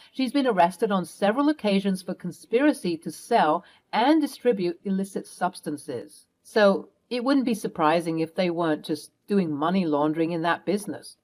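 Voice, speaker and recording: An outraged middle-aged mother, as a woman reads her part confronts the husband who wronged her family. Her voice stays stern and cutting, pitched in an ordinary middle register. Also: darkish tone, lightly acted.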